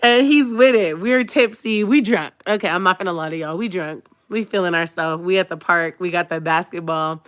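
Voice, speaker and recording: A woman vlogger telling her viewers a personal story in a casual, animated way, full of slang and asides, laughing often and swinging between hushed and loud. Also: on the low side, moderate pace, hardly any pauses.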